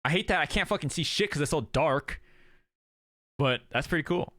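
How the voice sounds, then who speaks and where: A man's voice: a little high, lively intonation, normal speed, a bit bright, no room sound, clean studio sound. A young man streaming, chatting casually and reacting to a show as he watches, swearing freely and exclaiming at the screen.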